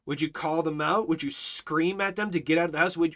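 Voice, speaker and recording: Forceful, bright-voiced preaching man. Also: fairly high pitch, steady tone, a little fast, hardly any pauses. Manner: forceful and preaching, repeats phrases, rising to near shouts. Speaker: Bible teacher. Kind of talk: fiery sermon-style Bible study.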